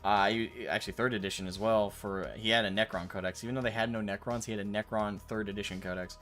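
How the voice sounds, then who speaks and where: A man streaming while painting miniatures, telling a long casual story in a rambling, animated way with the odd swear word. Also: on the low side, quick pace. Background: faint Gregorian chant music.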